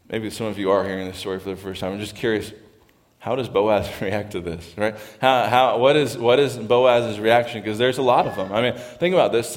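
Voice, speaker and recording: A male pastor giving a sermon in a conversational style, trying out different ways of saying lines as he reads them aloud. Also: fairly low pitch. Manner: conversational, tries out voices when reading lines aloud. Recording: long reverb of a large hall.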